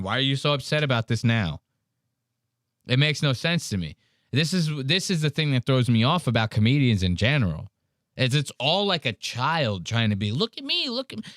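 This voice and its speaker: A man's voice: medium pitch, fairly bright tone, no echo, clean studio sound. A man hosting a podcast, casually reacting to a clip in a blunt, profane, mocking way. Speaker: podcast host.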